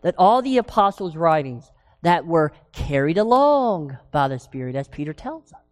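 A woman preaching a sermon with emphasis, asking the congregation rhetorical questions and slowing down on key words. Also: low voice, big pitch swings, darkish tone. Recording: long reverb of a large hall.

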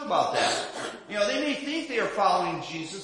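Male pastor, high voice, storytelling sermon in a hall with very heavy echo. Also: animated, brisk, pushed and bright. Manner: storytelling, with sing-song dips and emphatic repeated questions. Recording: very echoey room.

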